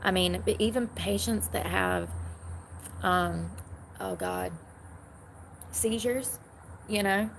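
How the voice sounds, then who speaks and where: A woman's voice: medium pitch, very animated, takes it slowly, long pauses, a little hiss or hum. A woman chatting casually to her livestream audience, rambling and answering comments, from the United States. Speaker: livestream host.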